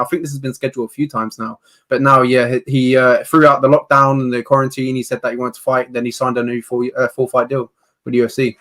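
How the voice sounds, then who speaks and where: A man co-hosting a live MMA preview show, quickly rattling off fighters, records and matchups. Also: medium pitch, a bit bright. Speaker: podcast co-host. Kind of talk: casual MMA chat.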